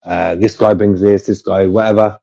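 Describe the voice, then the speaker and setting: Male co-host, casual rambling chat, mellow tone, lo-fi muffled audio. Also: lowish voice, little pitch movement, moderate pace, creaky. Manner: rambling, repeats himself, laughs often. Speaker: co-host of a fan livestream.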